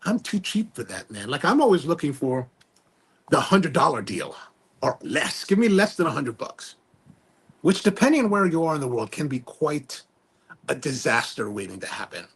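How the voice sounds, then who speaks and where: A man hosting a podcast tells a rambling story in casual slang, stumbling and restarting as he goes. His voice sits a touch high and swings up and down with each twist. It has a gravelly, slightly husky edge. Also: normal speed. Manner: animated, restarts and repeats, slangy. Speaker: podcast host.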